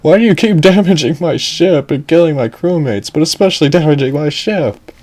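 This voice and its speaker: A man voicing a hot-headed male pirate captain who shouts and exclaims. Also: mid-range voice, measured pace, natural voice. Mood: exasperated.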